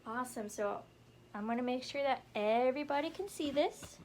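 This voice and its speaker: A young woman teacher walks a class through a grammar lesson, her voice a little high and encouraging as she works at the board. She is recorded by a camera across the classroom, so she sounds distant, with faint room noise underneath. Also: darkish tone. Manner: encouraging, slow and deliberate at the board.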